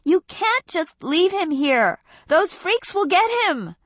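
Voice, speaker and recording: Upset teen girl, woman narrator; very high, urgent pleading. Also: big pitch swings, slow pace, dry recording, full character voice.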